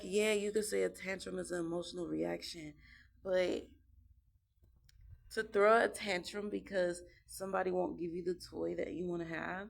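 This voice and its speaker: Young woman, mother figure, slow and emphatic, gravelly low voice, casual vlog talk with faint room noise. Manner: emphatic, repeats herself, slow and deliberate. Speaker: mother of several young children.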